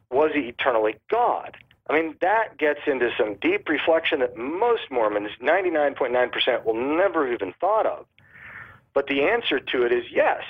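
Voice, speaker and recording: Animated man on a phone line. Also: mid-range voice, breathy edge. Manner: animated, acts out dialogue in illustrations. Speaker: guest. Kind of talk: explaining theology on a call-in show.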